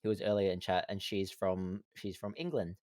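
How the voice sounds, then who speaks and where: A man's voice: low-pitched, fairly even intonation, normal speed, darkish tone. A man being interviewed on a livestream, friendly and giggly, who often stammers and repeats his words. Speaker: guest streamer being interviewed. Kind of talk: casual livestream interview chat.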